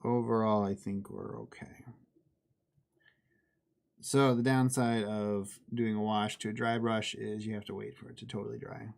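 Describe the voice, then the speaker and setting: A man's voice: on the low side, flat delivery, moderate pace, vocal fry. A man hosting a live miniature-painting stream, chatting casually and laughing at himself while he works. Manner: chatty, self-deprecating, laughs easily.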